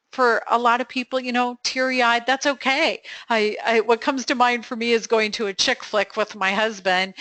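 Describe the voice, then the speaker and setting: A middle-aged woman hosting a live coaching webinar Q&A, upbeat and encouraging with quick affirmations and frequent fillers. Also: mid-range voice, pushed and bright, no echo.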